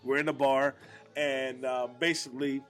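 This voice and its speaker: A man's voice: medium pitch, level tone, moderate pace, a bit bright. A man co-hosting a podcast live in a bar, joking and swearing in casual chat. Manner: joking, swearing, laughs a lot. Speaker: podcast co-host and comedian.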